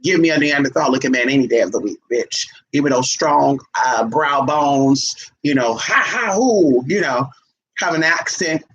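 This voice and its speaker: Her voice is low and slightly rough, moving at normal speed, and the recording has its highs cut off. The woman, a vlogger, spins stories in a laid-back monologue, sassy and brash, calling listeners honey while animatedly taking on other people's voices.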